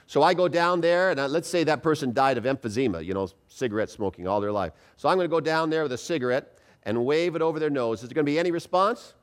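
A man preaching a sermon in a church, animated and calling on the congregation to answer him out loud. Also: fairly high pitch, quick pace. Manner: animated, calls for congregation responses.

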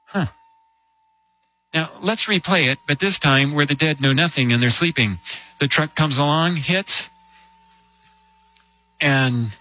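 A man preaching a sermon, telling a story with rhetorical questions and slowing down to stress key words. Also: on the high side, sharp tone, no room sound, poor audio. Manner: storytelling with rhetorical questions and slow emphatic drops.

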